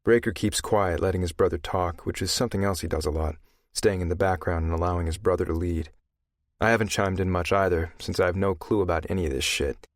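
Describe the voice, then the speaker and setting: A man narrating a first-person audiobook in a gruff, profane, intimate way on a close mic. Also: low-pitched, fast talker, no echo.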